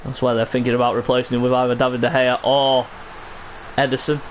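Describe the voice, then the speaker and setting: A man live-streaming a football video game, commentating his own match with frustration and bursts of shouting. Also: medium pitch, little pitch movement, fast, slight background noise.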